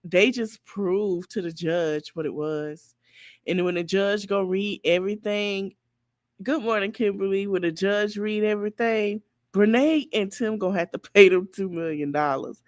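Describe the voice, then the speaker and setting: A woman hosts a podcast with lively, casual commentary, talking right at her viewers. Her voice sits at an ordinary pitch for a woman. The sound is dry and close, with no room around it. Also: a little slow, no echo. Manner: animated, talks straight to viewers. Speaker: podcast host.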